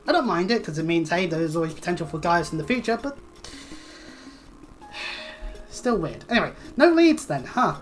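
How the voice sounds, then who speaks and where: A woman's voice: lowish voice, sing-song, moderate pace, long pauses, faint music behind. A woman streaming a video game, chatting casually, joking and swearing freely as she plays.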